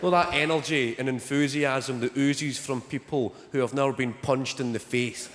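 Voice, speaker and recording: Wry young comic in a theatre. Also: male voice, mid-range voice, fairly even intonation, moderate pace. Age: young adult. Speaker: stand-up comedian. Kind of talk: stand-up comedy set. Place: large theatre stage. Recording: echoey theatre, loud noise.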